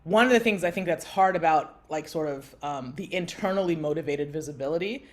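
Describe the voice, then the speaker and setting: A woman in her thirties co-hosting a podcast, telling a story in lively conversation and acting out the voices of people she quotes. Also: fairly quick. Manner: animated, acts out quotes with big pitch jumps. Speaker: podcast co-host.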